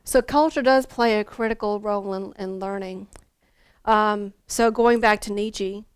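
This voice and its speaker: A woman's voice: medium pitch, clean tone, dry recording. A woman, a former school counselor, leading a teacher workshop in a conversational, storytelling way with fillers and restarts.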